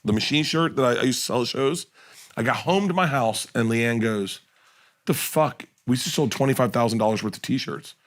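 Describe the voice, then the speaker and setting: Animated middle-aged man telling stories. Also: mid-range voice, fairly quick. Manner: animated storyteller acting out quotes. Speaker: comedian guest. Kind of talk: casual podcast storytelling.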